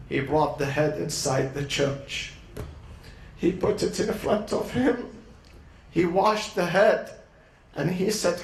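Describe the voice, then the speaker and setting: A man at a youth gathering, telling a religious story as a sermon, with dramatic pauses and short emotional phrases. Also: fairly high pitch, lively intonation, a little hiss or hum. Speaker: speaker at a youth event. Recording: roomy echo.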